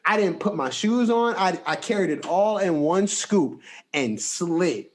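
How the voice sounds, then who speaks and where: A young man hosting a podcast, telling a story in a casual, animated, slangy way. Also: unhurried. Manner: animated, slangy storytelling with big pitch jumps. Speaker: podcast host.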